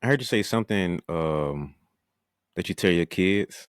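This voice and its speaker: A man hosts a podcast interview and asks measured, thoughtful questions. His voice is very low. The sound is dry, with no room echo. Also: lively intonation, clean tone. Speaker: podcast host.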